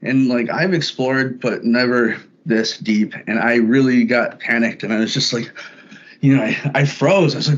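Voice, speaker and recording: A man talking as a podcast guest, telling a personal story in a halting way that often repeats words when starting a thought. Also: medium pitch. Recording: dull lo-fi sound.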